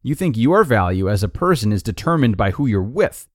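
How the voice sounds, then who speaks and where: A man hosting a podcast, reading a blog post aloud in a lively, expressive way. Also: lowish voice, fairly quick, dry recording, studio quality. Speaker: podcast host and narrator.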